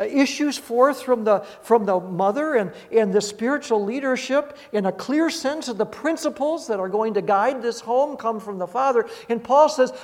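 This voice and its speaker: Male pastor, high voice, preaching in a reverberant sanctuary, scripture reading mixed with casual asides. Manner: reads scripture aloud, then explains in plain conversational asides. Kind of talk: sermon.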